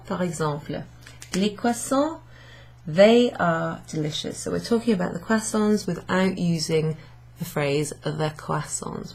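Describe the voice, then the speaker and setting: A woman's voice: lowish voice, vocal fry, a little mellow, slight background noise. A British woman teaching a beginners' French class, explaining step by step with patience. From Britain. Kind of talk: classroom lesson. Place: room in a pub.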